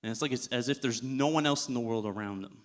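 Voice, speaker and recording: A man's voice: medium pitch, quick pace. A man giving a sermon as a guest preacher in a church, telling the story in a casual way and chuckling often.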